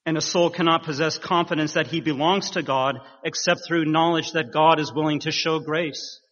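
A man preaching a sermon in a measured, earnest way, rising with emphasis at key points. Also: on the high side, a bit bright. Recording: dull sound in a reverberant hall.

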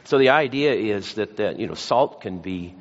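Male pastor, low voice, folksy asides, long hall reverb, dull lo-fi sound. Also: expressive, moderate pace. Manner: folksy, self-deprecating asides. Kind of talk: sermon. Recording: lo-fi church hall recording.

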